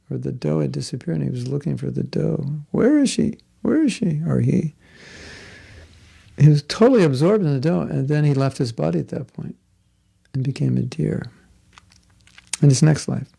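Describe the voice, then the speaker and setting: A man's voice: a little high, moderate pace, vocal fry, mellow, husky. A man giving a conversational devotional class, telling a story with asides and jokes. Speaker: spiritual teacher. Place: Florida.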